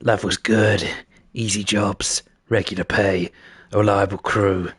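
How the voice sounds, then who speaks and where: A man voicing a gruff cyberpunk narrator, reading game text aloud. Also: on the low side, level tone, unhurried, fairly bright tone, no echo.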